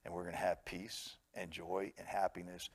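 Male pastor, sermon delivery, dynamic: big loud peaks, hushed asides. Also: low voice, moderate pace, slightly rough. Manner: lively preaching, swings from loud exclamations to quiet asides.

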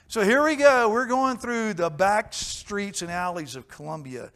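A man's voice: high-pitched, a little slow, fairly bright tone. A man preaching a conversational sermon, telling stories and putting questions to the listeners in an earnest way.

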